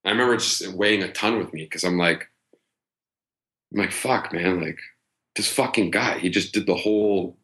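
A man in his thirties, a podcast guest, telling stories in a loose, profane, animated way, full of fillers and restarts. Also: low voice, moderate pace, pauses often. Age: 30s. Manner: heavy filler words and restarts. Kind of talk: casual storytelling chat.

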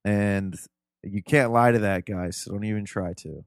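A man's voice: fairly low pitch, moderate pace, dry recording, studio quality. A man from Ohio, a podcast guest, telling family stories in a loose, earnest, rambling way. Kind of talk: casual interview storytelling.

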